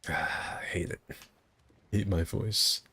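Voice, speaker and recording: Gaming streamer, male, very deep with vocal fry, loose self-deprecating banter. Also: steady tone, takes it slowly, sharp tone. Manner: rambling, self-deprecating chatter. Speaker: game streamer. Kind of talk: casual gameplay commentary.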